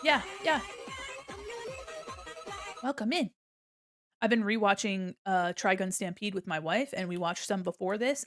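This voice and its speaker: A woman's voice: mid-range voice, animated, a little slow, fairly bright tone, no echo, studio quality, faint music behind. A young woman chatting casually on a live art stream, playful and rambling, talking into a desk mic at home. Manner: chatty, playful, drifts into hums and silly sounds. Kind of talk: casual live-stream chat while drawing. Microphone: desk mic on a mic arm.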